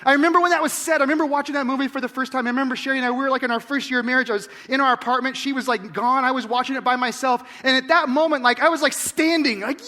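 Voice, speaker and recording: A man in his forties preaching to a church congregation in a conversational way, with rhetorical questions and big swings between quiet and loud. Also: very high voice, fairly even intonation, rapid-fire, hardly any pauses. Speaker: pastor. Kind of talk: sermon.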